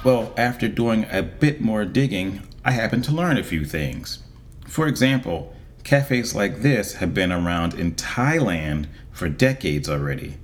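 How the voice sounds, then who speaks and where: Deep-voiced man in a wry vlog. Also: animated, measured pace. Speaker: vlogger. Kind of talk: casual monologue to camera.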